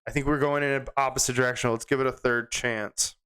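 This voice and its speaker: A man's voice: medium pitch, steady tone, bright, forceful tone, smooth. A young man who chuckles and comments wryly as he reads chatbot jokes aloud and types prompts. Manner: chuckling, wry, reads text aloud quickly. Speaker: comedy video host. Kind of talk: casual commentary while reading chatbot output.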